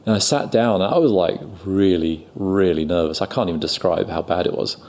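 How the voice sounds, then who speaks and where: Gravelly London man telling a story. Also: low-pitched, fairly quick, darkish tone, a little hiss or hum. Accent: London English. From England. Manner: chatty, self-deprecating, lots of fillers and acted-out quotes. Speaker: guest actor. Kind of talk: casual interview storytelling.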